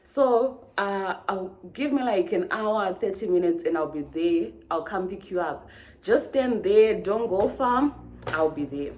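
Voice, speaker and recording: An easygoing young taxi-driver friend, put on by a woman. His voice sits a little higher than her usual talk and stays calm and reassuring in a storytime vlog. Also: unhurried.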